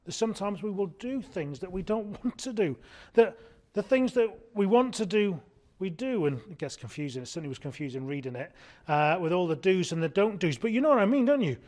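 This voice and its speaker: A man's voice: sits high, sing-song, brisk, darkish tone. A man preaching a sermon in an earnest way, often asking his congregation rhetorical questions.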